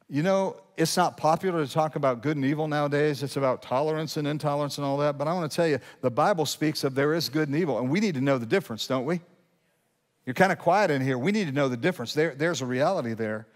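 A middle-aged man preaching a sermon to his congregation in a conversational way, often restarting his sentences and slowing down to read verses. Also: a little high. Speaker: pastor. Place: church sanctuary. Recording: long hall reverb.

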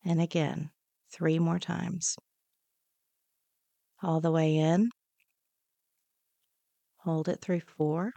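A woman leading a guided breathing meditation on a podcast, giving slow, soothing, repeated instructions. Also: deep voice, level tone, vocal fry, dark tone, dry recording. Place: podcast studio.

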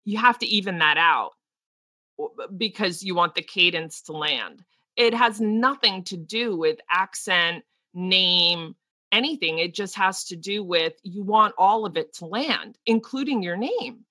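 A woman's voice: on the low side, expressive, measured pace, sharp tone, no echo. A woman co-hosting a podcast and speaking frankly and at length as a teacher, often restarting her sentences. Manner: frank and talkative, with many restarts. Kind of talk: casual podcast discussion.

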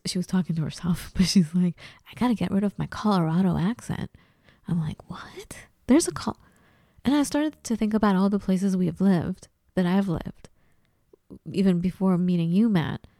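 Her warm voice sits on the low side, captured in a dry, studio-quality recording. This woman is a podcast co-host from Los Angeles, California, with the local accent, and she rambles through stories casually, restarting often and saying "like" a lot.

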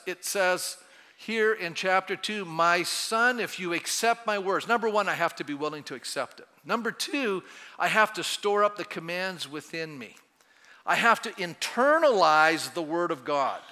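A male pastor with a high, bright, forceful voice delivers an animated sermon, asking the congregation questions and acting out little quotes. His voice rings out through a church sanctuary with a long hall reverb.

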